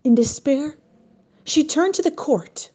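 A woman narrating a story in an expressive, unhurried way. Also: high-pitched. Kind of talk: scripted narration.

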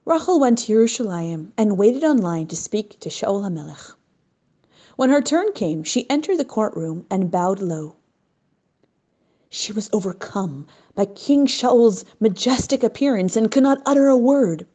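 A woman narrating a story in an expressive, unhurried way. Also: mid-range voice. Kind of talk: scripted narration.

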